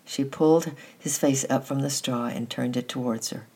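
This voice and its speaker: A storyteller reading a children's story aloud at a steady pace, sometimes restarting a phrase. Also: mid-range voice, normal speed, slightly rough. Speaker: narrator. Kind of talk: storybook narration.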